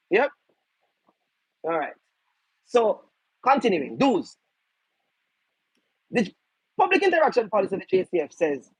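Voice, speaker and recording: A man's voice: sits high, fairly bright tone, breathy edge, no echo, rough recording. A man with a Jamaican accent explaining legal policy to an audience, emphatic and firing rhetorical questions at his listeners. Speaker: legal educator.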